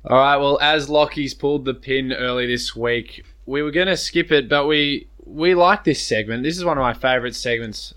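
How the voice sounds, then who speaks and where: A man's voice: medium pitch, normal speed, hardly any pauses, a bit bright. An Australian man co-hosting a sports podcast and running a quiz, with dry, wry jokes. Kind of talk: casual footy banter.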